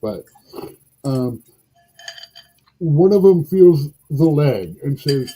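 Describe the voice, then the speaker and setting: A man chats on a podcast, drifting from argument into a folktale and joking at his own expense. His voice is very dark and mellow with a husky grain, and he takes his time. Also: fairly high pitch, expressive, drawn-out words, pauses often, poor audio. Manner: musing, rambling, self-deprecating. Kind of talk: casual podcast conversation and storytelling.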